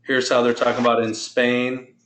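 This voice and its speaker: Male Spanish teacher, patient, explains step by step, mid-pitched, roomy echo. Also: completely flat delivery, a bit bright, a little hiss or hum. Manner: patient, explains slowly and drills pronunciation. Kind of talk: online language lesson.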